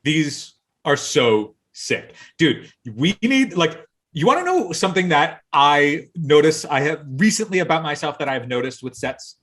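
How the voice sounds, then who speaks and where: A man's voice: fairly high pitch, big pitch swings, a little slow, fairly bright tone. A man co-hosting a casual podcast, explaining at length and enthusiastically, with some stammering. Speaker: podcast co-host. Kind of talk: casual chat about card game spoilers.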